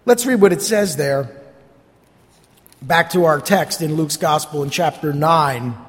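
A man's voice: fairly high pitch, measured pace. A man from North Jersey with a New Jersey accent, preaching a sermon in a conversational way with sarcastic asides and repeated words. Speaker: pastor. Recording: long hall reverb.

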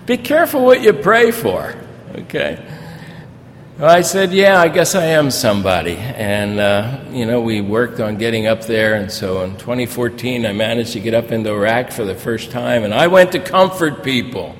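An older man preaching as a pastor, telling personal stories in a folksy, storytelling way that grows animated in places. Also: moderate pace. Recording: reverberant hall with faint rumble.

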